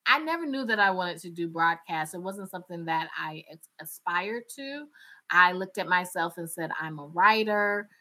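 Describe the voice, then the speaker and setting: A woman in her thirties from North Carolina, speaking with a North Carolina Southern accent. Her voice is bright and forward, and she talks candidly and with animation, laughing often as she answers interview questions. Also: on the low side, lively intonation, normal speed. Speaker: radio journalist. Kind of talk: interview conversation.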